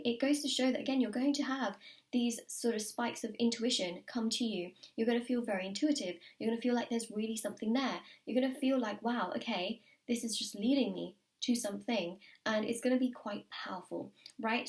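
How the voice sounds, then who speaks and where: A woman's voice: on the high side, darkish tone. A British woman talks through a tarot reading in an eager, emphatic way. She stacks up repeated words and gasps out little exclamations as the cards turn over. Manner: enthusiastic, repeats words for emphasis, drops to whispers. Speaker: tarot reader.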